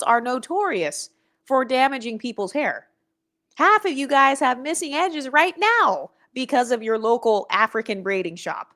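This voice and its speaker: A woman's voice: fairly high pitch, very animated, moderate pace, fairly bright tone. Blunt, sassy woman streaming live. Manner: blunt, sassy, swears freely, reads chat aloud. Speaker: livestream host. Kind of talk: casual livestream commentary.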